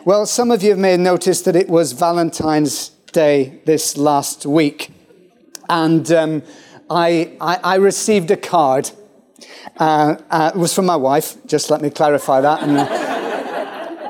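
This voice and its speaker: A man preaching a sermon in a church, joking and laughing often, with halting fillers. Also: a little high, darkish tone. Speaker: pastor. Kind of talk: humorous sermon.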